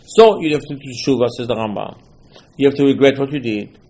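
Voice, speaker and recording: Briskly and with lively intonation, a man teaches Torah in a sermon, his voice mellow and medium in pitch. He is emphatic, repeats phrases, quotes texts in dialogue and phrases his English like a non-native speaker.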